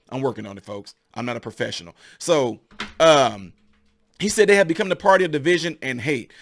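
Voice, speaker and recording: A man's voice: medium pitch, a bit bright. A middle-aged man giving opinionated political commentary, emphatic and preachy, with lots of rhetorical questions.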